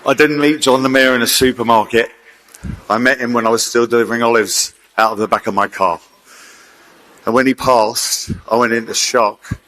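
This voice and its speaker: A man's voice: medium pitch, a bit bright. A man giving an earnest, reflective tribute speech into a stage mic in a large concert hall. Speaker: memorial speaker at an awards ceremony.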